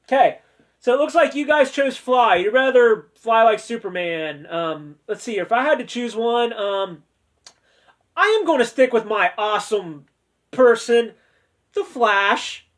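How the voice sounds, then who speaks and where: A man with a high-pitched voice hosts a laid-back discussion. He talks in a chatty, joking way, with playful sarcasm. He turns sincere and sentimental when speaking of family. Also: lively intonation, a little slow. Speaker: host of a discussion video. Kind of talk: casual chat.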